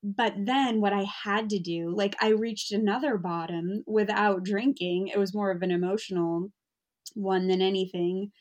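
Woman guest, chatty and candid, does little impressions, middle pitch. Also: moderate pace. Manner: candid, animated, mimics others. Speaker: guest, author. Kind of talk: casual conversation.

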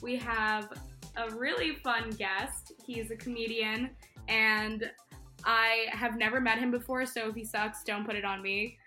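A woman hosts a casual podcast chat, teasing her guest in a giggly, playful way. Her voice is bright and fairly high. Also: steady tone, measured pace, soft background music. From New York. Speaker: podcast host.

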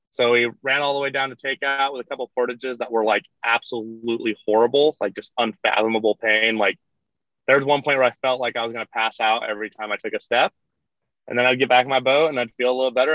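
A man's voice: mid-range voice, sharp tone, no echo. A young man telling a story in casual rambling style, full of "like" and laughing through his retellings. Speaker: podcast guest, kayaker. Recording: dull lo-fi dry sound.

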